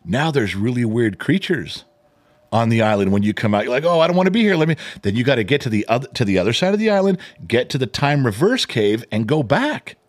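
Hombre animado que cuenta historias imitando voces. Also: male voice, medium pitch, brisk. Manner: animated storytelling with mimicked voices, swearing. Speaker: podcast co-host. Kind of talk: casual chat.

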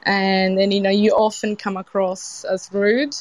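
A woman from Sicily, a chef with an Italian accent and a British tinge, talking as a guest in a casual interview, lively and expressive with frequent restarts. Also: medium pitch, measured pace. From Sicily, Italy. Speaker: chef and event organiser, guest.

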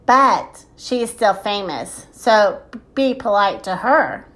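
A woman's voice: medium pitch, expressive, takes it slowly, fairly bright tone. A woman voicing a bossy male hotel cook who gives instructions and warnings in a storybook. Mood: instructing.

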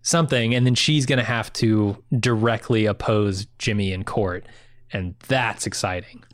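A man co-hosting a podcast in casual chat, animated and excitable, swearing now and then. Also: fairly low pitch, normal speed, no room sound. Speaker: podcast co-host.

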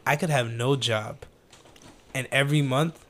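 A man's voice: mid-range voice, a little slow, a bit bright. A young man hosting a casual podcast, chatting in a laid-back slangy way and laughing often. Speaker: podcast host. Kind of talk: casual chat.

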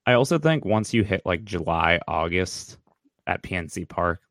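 A man's voice: deep voice, animated, moderate pace, fairly bright tone, no room sound, studio quality. A man co-hosting a sports podcast, rambling and correcting himself in casual chat. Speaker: podcast co-host.

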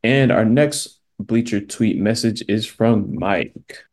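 A man's voice: lowish voice, slow pace, a little mellow. A man introducing a listener voicemail segment with upbeat scripted lines. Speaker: show announcer.

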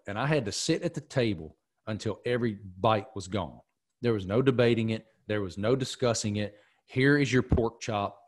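A middle-aged man hosting a podcast, telling stories in a casual, emphatic way. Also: medium pitch. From American South. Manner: animated storyteller, emphatic. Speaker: podcast host. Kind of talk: casual chat.

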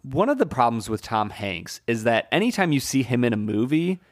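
A man co-hosting a casual film podcast, sharing opinions in a relaxed way with dry humor. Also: mid-range voice, brisk. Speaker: podcast co-host.

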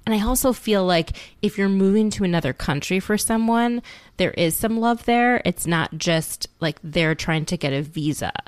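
A woman's voice: mid-range voice, moderate pace, clear, resonant tone, dry recording. A woman co-hosting a podcast, chatting animatedly and laughing readily. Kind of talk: casual chat.

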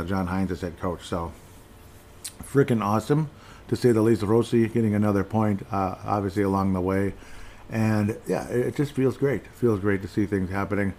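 A man's voice: fairly low pitch, a little mellow, a little hiss or hum. A man hosting a casual solo podcast, rambling through asides and fillers with fan enthusiasm. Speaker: podcast host.

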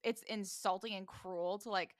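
A woman co-hosting a casual recap podcast, narrating scenes in a jokey, animated way and bursting into loud put-on quotes. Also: medium pitch, normal speed, dry recording, studio quality. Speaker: podcast co-host recapping a show. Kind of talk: casual chat.

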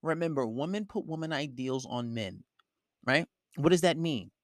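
A blunt, foul-mouthed man lectures on dating in a dry, close recording. His voice sits high for a man and stays forceful and direct. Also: animated, moderate pace, no room sound. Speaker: relationship advice host. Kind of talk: blunt advice monologue.

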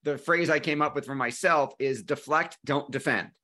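A man in his forties hosts a relaxed podcast conversation. His voice is bright and fairly high, and he comes across as keen and agreeable as he tells personal stories. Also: moderate pace.

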